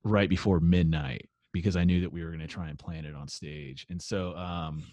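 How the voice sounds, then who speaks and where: A man with a very low voice tells a loose, rambling story, leaning on fillers and cursing freely. He sounds like a touring musician chatting on a podcast. The sound is dry and close, with no room around it. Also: steady tone, normal speed, darkish tone, dry recording. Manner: rambling, profane, laid-back storytelling with many fillers. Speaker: musician guest. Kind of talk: casual storytelling chat.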